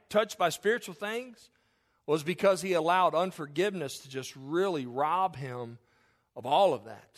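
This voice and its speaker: Folksy preaching man, high voice. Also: fairly bright tone. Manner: folksy, joking asides, repeats himself. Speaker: pastor. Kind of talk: sermon.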